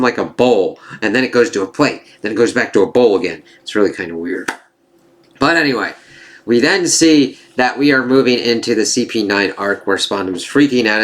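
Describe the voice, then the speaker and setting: A man's voice: medium pitch, a bit bright. A man giving a casual spoken review of an anime season, rambling with fillers and swearing freely as he gets worked up.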